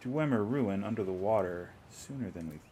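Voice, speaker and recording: A man's voice: lowish voice, animated, normal speed, dark tone, a little hiss or hum. A man streaming a video game, chatting casually to himself and the game with frequent chuckles. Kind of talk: casual gameplay commentary.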